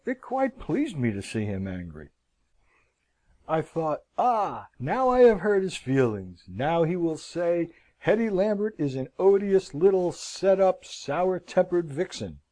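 A man's voice: fairly high pitch, mellow, rough recording. A man voicing a proud, impulsive young girl who scolds herself in passionate, self-mocking outbursts, in an audiobook reading.

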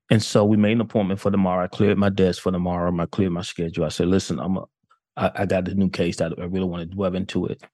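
A man's voice: sits low, no room sound, clean studio sound. A man, a detective, telling a case story in a casual way and acting out what people said. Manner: animated retelling with quoted dialogue. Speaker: detective guest.

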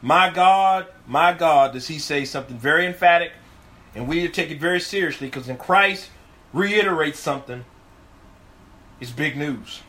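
High-voiced earnest male pastor. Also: moderate pace, long pauses, bright, forceful tone. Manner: earnest, emphatic, repeats key phrases. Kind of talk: video Bible teaching.

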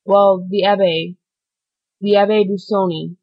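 A woman's voice: mid-range voice, fairly even intonation, measured pace, lightly acted. A woman reading an audiobook, voicing a dying, desperate male criminal who speaks in a fervent, pleading way. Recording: dull lo-fi recording.

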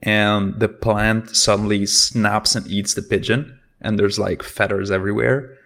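A man with a fairly low voice at a tabletop role-playing session. He describes scenes hesitantly and fills his pauses with "um" and "like.". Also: little pitch movement, a bit bright. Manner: hesitant, many fillers. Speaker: player.

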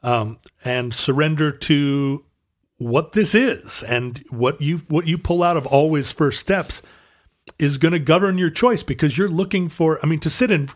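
A podcast co-host with a voice on the high side talks a little slowly. He explains things in a casual chat, with plenty of fillers and frequent restarts.

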